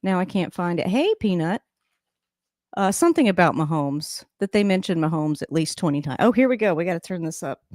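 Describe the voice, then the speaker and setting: A woman's voice: on the low side, expressive, brisk, darkish tone. A woman hosts a casual live stream from home and reacts to a game on TV. She talks in a loose, rambling way and laughs often. Her voice sounds dry and close, with no room echo.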